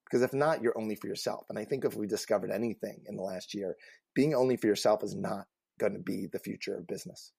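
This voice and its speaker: Earnest low-voiced man coaching. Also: fast talker, vocal fry, breathy edge, dry recording. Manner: earnest, emphatic, gets animated when telling stories. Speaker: co-host and career coach. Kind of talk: casual panel discussion.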